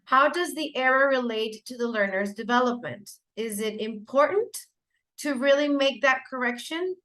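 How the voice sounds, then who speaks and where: A woman's voice: a little high, a bit bright. A woman whose first language is Spanish, giving a teacher-training lecture in an explanatory way, with fillers and self-corrections.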